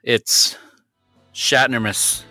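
A man's voice: medium pitch, steady tone, very slow, sharp tone, faint music behind. A man co-hosting a podcast, chatting casually and trading playful jabs. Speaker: podcast co-host.

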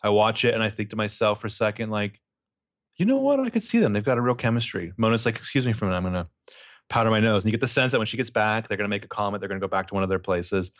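A man's voice: lowish voice, steady tone, rapid-fire, a bit bright, no echo, dull audio. A man casually recapping a TV episode as a podcast co-host, animatedly acting out the characters' lines with plenty of swearing. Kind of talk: casual chat.

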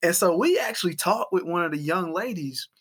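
A man's voice: high-pitched, a little fast, slightly rough. A man co-hosting a casual chat, telling stories and acting out the quotes with animation. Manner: animated storyteller, acts out quotes. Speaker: podcast co-host.

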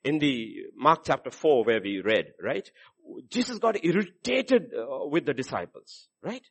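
A man preaching a sermon, moving from low musing asides to loud, animated passages where he acts out the voices of the people he quotes. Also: moderate pace, gravelly, slightly rough. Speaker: pastor.

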